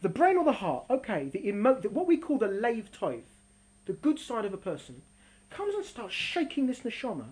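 A woman gives an animated religious talk and acts out the characters as she tells the story. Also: a little high, normal speed, rough recording. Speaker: religious teacher.

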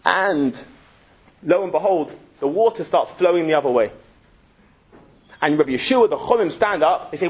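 A man teaching a Talmud class in a synagogue, telling the story in a joking, lively way. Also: fairly high pitch, moderate pace, pauses often, breathy edge. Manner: jokey, lively storytelling with Yiddish-Hebrew terms. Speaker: Torah teacher.

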